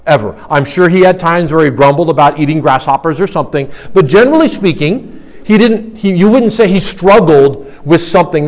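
Guy preaching, kinda high voice, earnest, lots of "why?" questions. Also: darkish tone. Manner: earnest, asks many rhetorical questions. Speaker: pastor. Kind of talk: sermon.

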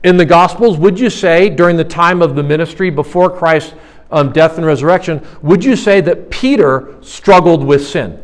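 A man preaching a sermon in an earnest tone. His voice sits a little higher than most men's. He keeps posing questions to the congregation and then answering them himself. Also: normal speed. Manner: earnest, asks many rhetorical questions. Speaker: pastor.

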